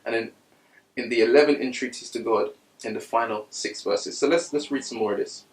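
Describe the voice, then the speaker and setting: A man preaching a sermon, reading scripture quietly and then rising to loud, high-pitched bursts of passion. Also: a little fast, reverberant, distant mic, poor audio.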